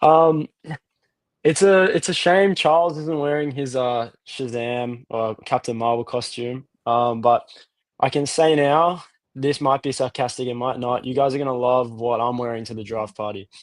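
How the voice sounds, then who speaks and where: A young Australian man calling in to a fan show, chatting in a relaxed, rambling way. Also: mid-range voice, moderate pace, dry recording. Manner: relaxed, rambling, lots of fillers and restarts. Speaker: caller. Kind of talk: casual call-in chat.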